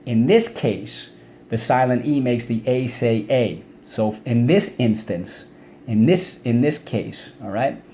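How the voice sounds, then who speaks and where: A male teacher giving an online vocabulary lesson to kids, energetic and repeating words and syllables for students to say back. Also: mid-range voice, takes it slowly, a little hiss or hum.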